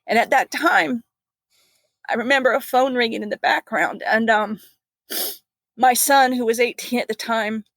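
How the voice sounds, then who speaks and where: A woman's voice: fairly high pitch, no room sound. A middle-aged woman, a flight nurse, earnestly recounting a personal ordeal in an interview, with laughs and restarts.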